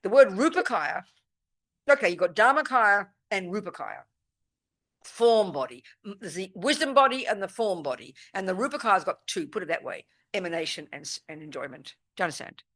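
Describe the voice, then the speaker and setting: Woman, Buddhist teacher, live retreat talk, emphatic and direct, keeps checking that listeners follow, bright, forceful tone. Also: mid-range voice, animated, fairly quick. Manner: emphatic and forthright, often checking "do you understand?". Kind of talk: live dharma teaching with questions and answers. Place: meditation center teaching room.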